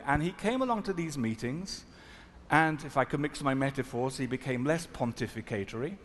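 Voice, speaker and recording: Reflective rabbi in an echoey hall. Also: male voice, medium pitch, expressive, a bit bright. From South Africa. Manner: reflective, earnest, halting. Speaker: rabbi, panel speaker. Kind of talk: storytelling talk at a panel. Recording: echoey hall, faint noise.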